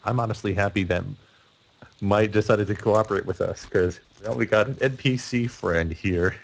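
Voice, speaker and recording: A man playing in a tabletop game, chatting casually and often pausing to think. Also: on the low side, vocal fry, slight background noise, low-quality recording. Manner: hesitant, halting speech. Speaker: player.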